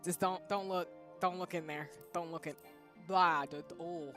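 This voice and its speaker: A woman streaming a game, chatting casually with her viewers in a playful, flustered way that breaks into loud bursts. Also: fairly low pitch, steady tone, moderate pace. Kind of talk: casual livestream chat while gaming. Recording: music playing behind.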